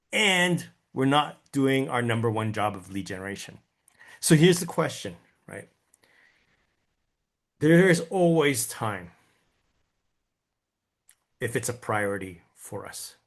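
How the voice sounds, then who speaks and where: Man teaching a lead-generation class. Animated, folksy, mid-range voice, acts out quotes and checks in with the room. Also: mid-range voice, slow, gravelly, pauses often. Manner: animated, acts out his own inner voice and quotes; folksy, addresses the audience with tag questions. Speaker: real estate sales coach. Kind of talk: lively class talk.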